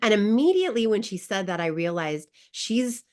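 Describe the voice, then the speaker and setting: A woman's voice: medium pitch, sing-song, normal speed, a little mellow. A woman guest coach who tells a personal story in an online wellness class, emotional and laughing often. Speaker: grief recovery guest coach.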